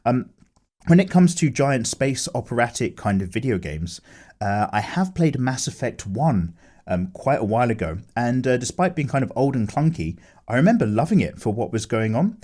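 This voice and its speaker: A man casually chatting with viewers while drawing, animated, with lots of fillers as he reads chat aloud. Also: mid-range voice, normal speed. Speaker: art streamer chatting with viewers.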